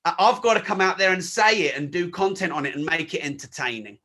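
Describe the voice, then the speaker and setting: A man speaking energetically at a live seminar, coaching entrepreneurs on social media in a casual, excitable way. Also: fairly high pitch, fast talker. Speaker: event speaker.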